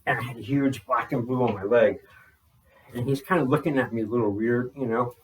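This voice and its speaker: A man's voice: medium pitch, a little fast, distant mic, a little hiss or hum, poor audio. A man from New Jersey telling a story in loose, rambling talk full of fillers and swearing. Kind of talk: casual spoken account.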